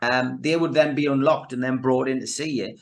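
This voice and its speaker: A man's voice: medium pitch, brisk, vocal fry. Chatty man storyteller. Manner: animated storyteller with many restarts and fillers. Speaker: guest, actor and filmmaker. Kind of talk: casual interview chat.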